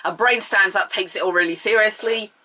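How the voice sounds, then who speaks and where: A young woman chatting through a TV episode review, animated and sarcastic, with bursts of mock outrage. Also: medium pitch, a little fast. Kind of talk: casual video review.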